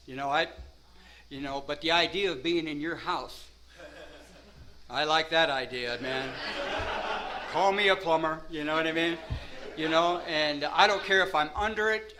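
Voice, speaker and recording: Rambling high-voiced man telling a wild story. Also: bright, forceful tone, a little hiss or hum, low-quality recording. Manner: rambling, full of "you know" and "man", laughs at himself. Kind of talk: first-person storytelling.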